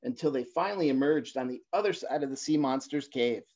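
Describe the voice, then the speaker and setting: A man in his forties, a guest reader, reading a children's picture book on a livestream, halting at times with fillers and restarts. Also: mid-range voice, a little mellow. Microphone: phone or laptop for a livestream. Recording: dull lo-fi livestream audio.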